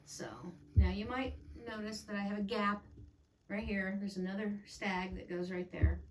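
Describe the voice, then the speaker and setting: A middle-aged woman talks through her cross stitch projects in a loose, rambling way and keeps correcting herself as she goes. She sits a little back from the mic, and her voice carries a clear echo from the room. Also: mid-range voice, level tone, normal speed, noisy background. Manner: chatty, rambling, self-correcting. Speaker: cross stitch channel host. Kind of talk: casual crafting vlog chat. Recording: echoey room, voice a bit far from mic.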